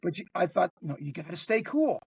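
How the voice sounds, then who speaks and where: A man telling a crime story on a podcast, animated and swearing freely, acting out the other voices as he goes. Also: high voice, fast talker, husky. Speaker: guest storyteller.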